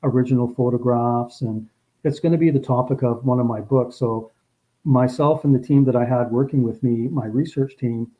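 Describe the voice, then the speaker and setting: A man's voice: medium pitch, fairly even intonation, moderate pace. A man casually recounting a personal story, rambling with frequent restarts and growing emotional as he remembers. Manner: rambling, repeats words and restarts often; gets emotional recalling the story. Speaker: guest. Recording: dull lo-fi audio.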